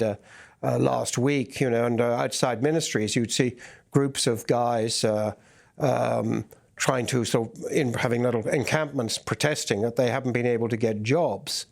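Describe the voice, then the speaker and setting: A foreign correspondent giving a news interview, explaining events in a measured way with frequent fillers and restarts. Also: male voice, mid-range voice, gravelly, a little mellow. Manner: reporting in a measured way with many fillers.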